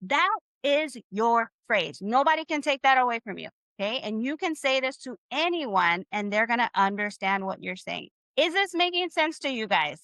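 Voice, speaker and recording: Upbeat high-voiced teacher, bright tone. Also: female voice, big pitch swings, no room sound. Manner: upbeat, encouraging, drills phrases slowly. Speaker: Spanish teacher. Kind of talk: live online class.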